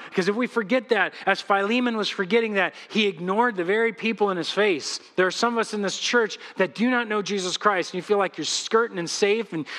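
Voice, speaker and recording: A man's voice: high voice, pushed and bright, big-room sound. A man preaching a sermon as pastor, earnest and pleading as he speaks straight to his congregation. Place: church sanctuary.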